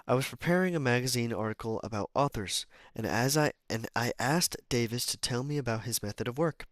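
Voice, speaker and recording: A man's voice: mid-range voice, expressive, fairly quick, no room sound, studio quality. A man reading a self-help book aloud, stumbling over words, restarting lines and adding casual asides and apologies. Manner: stumbles, restarts and corrects himself while reading. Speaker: amateur reader.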